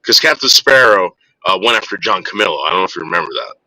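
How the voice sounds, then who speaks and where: Man, angry profane livestream rant, very bright tone, swooping pitch. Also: lively intonation, quick pace, no echo, low-quality recording. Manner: angry ranting, profane, repeats names. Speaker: livestream co-host. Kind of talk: heated casual livestream chat.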